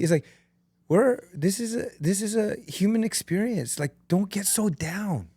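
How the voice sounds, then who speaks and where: A man guesting on a podcast, speaking in an earnest, animated way with feeling in every story. His voice sits a bit high for a man. The sound is close and dry, with no room around it. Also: measured pace, slightly rough, dry recording. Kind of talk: emotional, candid conversation.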